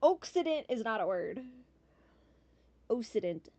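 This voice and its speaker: A woman's voice: a little high, very animated, unhurried, dark tone. A woman giving casual, chatty commentary while playing a game demo, talking with bursts of swearing and playful silly noises. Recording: slightly dull lo-fi sound.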